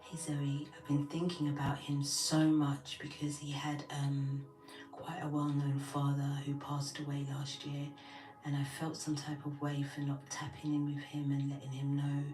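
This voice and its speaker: A woman talks to her live viewers in a relaxed, rambling way, her voice sitting low. She sounds a little distant in an echoey room, with faint music underneath. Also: normal speed. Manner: chatty storytelling, greeting viewers as she talks. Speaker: tarot reader and host. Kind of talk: casual chat to live viewers.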